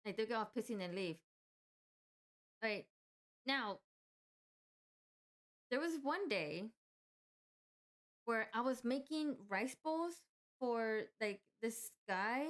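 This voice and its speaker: A young woman chatting casually about her day at work, circling back and restarting her sentences often. Her voice sits a little high, and she speaks in a loose, rambling way. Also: expressive, slow pace, long pauses. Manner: rambling, many restarts and "like" fillers. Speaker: vlogger. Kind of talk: casual storytelling.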